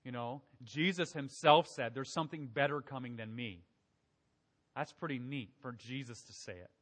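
A man's voice: mid-range voice, normal speed, fairly bright tone. A man preaching a conversational sermon, often asking his listeners questions as he works through scripture. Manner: conversational, asks the congregation questions. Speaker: pastor. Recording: long hall reverb.

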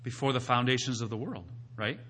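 A male pastor preaching a sermon, asking his listeners rhetorical questions and rising to loud, emphatic peaks before dropping back to quiet teaching. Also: mid-range voice, a little fast. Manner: asks the congregation rhetorical questions.

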